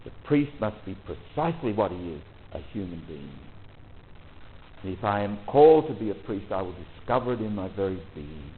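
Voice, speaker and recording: A man leading a retreat talk for priests, relaxed and conversational, often pausing with ums and restarts. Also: lowish voice, a little hiss or hum. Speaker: retreat leader. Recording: tinny phone-like audio.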